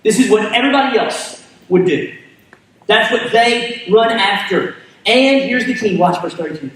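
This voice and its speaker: A man preaching a sermon as pastor, animated, repeating words and asking the crowd "right?". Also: high-pitched, normal speed, a little hiss or hum. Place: church hall. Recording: echoey hall, mic at a distance.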